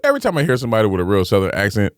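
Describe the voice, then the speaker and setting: A man who is a stand-up comedian and podcast co-host, telling stories in a loud, confident way in casual chat. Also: fairly low pitch, huge pitch swings, clean tone, no echo, studio quality. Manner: fast, loud, confident storytelling.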